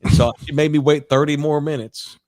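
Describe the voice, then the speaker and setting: A man's voice: on the high side, steady tone, fairly quick, a little mellow. A man in his forties, a podcast co-host, telling a long crude anecdote in a casual, rambling way with plenty of profanity. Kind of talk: casual sports podcast storytelling.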